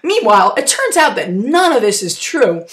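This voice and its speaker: A woman's voice: on the high side, very animated, moderate pace, a bit bright. A woman gives a rambling, slangy comic recap of a horror movie, full of mock outrage. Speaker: amateur movie reviewer.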